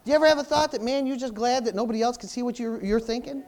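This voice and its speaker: High-voiced guy pastor preaching in church, chatty and animated, lots of praise the lord. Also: racing. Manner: animated, frequent praise interjections, conversational. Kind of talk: sermon. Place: church before a congregation.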